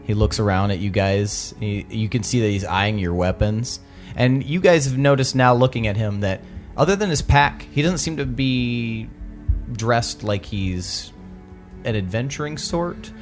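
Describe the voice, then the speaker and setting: A man narrating as the game master with a relaxed, hesitant delivery. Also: fairly low pitch, a little slow, soft background music. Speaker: dungeon master.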